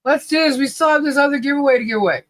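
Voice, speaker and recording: A woman's voice: high-pitched, very fast, a little hiss or hum, rough recording. A woman co-hosting a podcast livestream, chatting casually and laughing often as she tells stories and calls out names from the chat. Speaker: podcast co-host.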